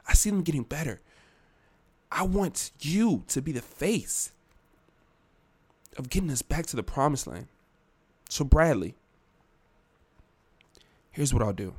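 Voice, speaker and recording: A man's voice: on the high side, expressive, a little slow, long pauses, a little mellow, breathy edge. A man voicing a male team owner who earnestly pleads with and makes promises to his star player.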